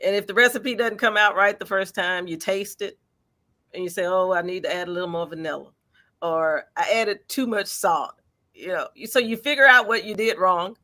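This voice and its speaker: Bright, encouraging woman explaining her art. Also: medium pitch, normal speed. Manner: encouraging, lively, explains with everyday examples. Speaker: featured artist, guest. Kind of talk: interview answers.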